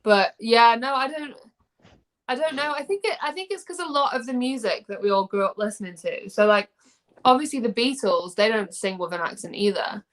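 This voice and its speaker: A woman's voice: on the high side, lively intonation, brisk. A young English woman, a singer, talking casually in a video chat, rambling with plenty of fillers and restarts. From England.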